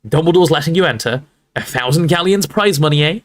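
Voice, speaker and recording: A man putting on a jealous, sulky teenage boy with a raised, jumpy voice. He is skeptical and biting in a sarcastic way, swinging up and down in pitch. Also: expressive, brisk, lightly acted.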